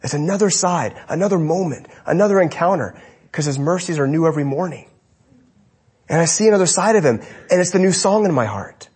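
A male pastor preaching a sermon, emphatic, often dropping to a hush to stress a point. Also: a little high, lively intonation, fairly quick, slightly rough.

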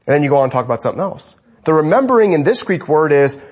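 A male pastor preaching a sermon, emphatic, often dropping to a hush to stress a point. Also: fairly high pitch, very animated, rapid-fire, hardly any pauses, slightly rough.

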